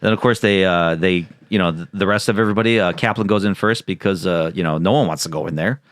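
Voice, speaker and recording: A man's voice: low voice, fast talker, no echo, studio quality. A man co-hosting a podcast, casually recapping a movie and acting out lines from it. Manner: animated, recaps plot and mimics lines with laughs. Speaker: podcast co-host.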